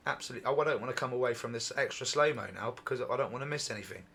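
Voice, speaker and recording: A middle-aged man hosting a UFO channel, giving excited, repetitive commentary over video footage, his voice going hoarse. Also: mid-range voice, rapid-fire. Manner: excitable, repetitive, exclaims often.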